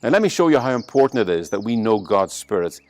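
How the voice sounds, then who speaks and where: Irish pastor preaching with shifting emphasis. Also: male voice, lowish voice, big pitch swings, faint music behind. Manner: varies emphasis and pace, slows to a soft hush on key lines. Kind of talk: sermon.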